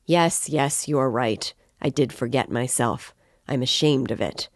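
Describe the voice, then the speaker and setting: An excitable, tipsy young man rants and gushes, as a woman reads him aloud. He speaks slowly and deliberately, and the sound is close and dry, with no room around it. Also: extremely low pitch, dry recording. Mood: impassioned. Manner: impassioned, ranting.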